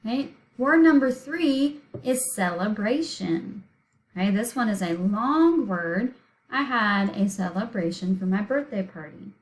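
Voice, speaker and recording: A woman's voice: medium pitch, animated, a little slow, low-quality recording. A woman teaching a recorded spelling lesson, patiently sounding out words letter by letter and syllable by syllable.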